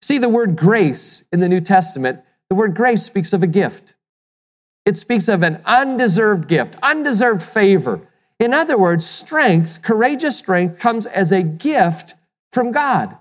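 Preacher giving a sermon, mid-pitched voice, keeps asking the room questions, long echo like a big hall. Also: sing-song, unhurried. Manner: emphatic, asks the listeners rhetorical questions; repeats words when restarting. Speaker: pastor.

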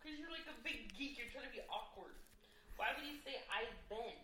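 A woman's voice: a little high, expressive, a little fast, bright, forceful tone, slightly rough. A woman co-hosting a podcast, chatting about a movie in a playful, argumentative way. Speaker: podcast co-host. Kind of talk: casual chat, movie discussion.

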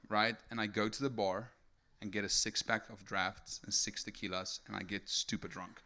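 Young man from South Africa, testimony sermon, bright forceful voice, keeps checking in with the crowd. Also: fairly low pitch, brisk, few pauses. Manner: energetic storytelling with many rhetorical "right?" tags. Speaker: speaker giving testimony. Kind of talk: sermon testimony to a live audience.

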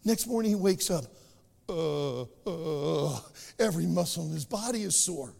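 A man preaching a sermon, telling stories in an animated way. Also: fairly high pitch, a little slow, vocal fry, in a large hall. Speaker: pastor.

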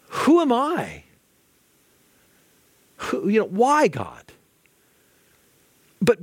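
A male pastor preaching a sermon in an animated way, acting out quoted voices and often repeating words as he starts a sentence. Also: sits high, no room sound, clean studio sound.

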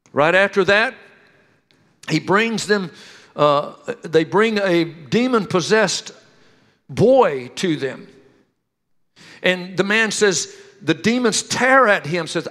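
High-voiced pastor man preaching, animated storytelling, big echo church hall. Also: slow, long pauses. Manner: animated storytelling with questions to the congregation. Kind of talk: sermon.

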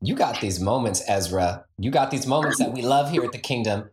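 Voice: mid-range voice, animated, brisk, few pauses, background noise. A host of an interview show, reacting with enthusiasm and affirming the guest in casual chat. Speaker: podcast host. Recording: roomy echo.

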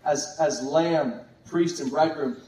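A man preaching a sermon with exuberant, animated delivery. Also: fairly high pitch, unhurried. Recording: echoey room from far off.

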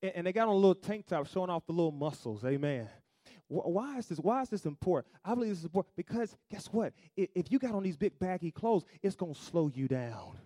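A man preaching a sermon, calling out to the congregation and swinging from loud declarations to hushed, drawn-out lines. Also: high voice, expressive, no room sound, studio quality. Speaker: pastor. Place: church.

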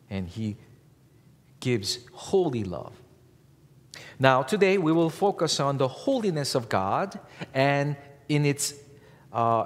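A man preaching a sermon as a pastor, speaking in a slow, measured way and lifting his voice on key words. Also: mid-range voice. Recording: long reverb from a large hall.

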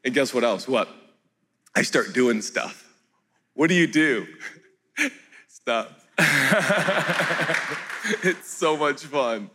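A pastor preaching a sermon in an animated, joking way, often jumping into high, shouted outbursts. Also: male voice, very slow, pauses often, noisy background. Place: church hall. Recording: echoey hall with faint music.

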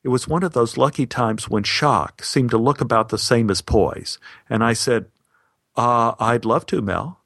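A man's voice: mid-range voice, moderate pace, hardly any pauses, dry recording, clean studio sound. Wry man telling a personal story. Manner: wry, deadpan humor.

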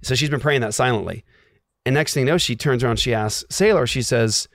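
A man's voice: mid-range voice, lively intonation, a little fast, a bit bright, dry recording, clean studio sound. A man, a guest, telling a personal story in an earnest, emotional way with lots of "like"s. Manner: earnest, emotional, filler-heavy with many "like"s. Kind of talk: casual storytelling.

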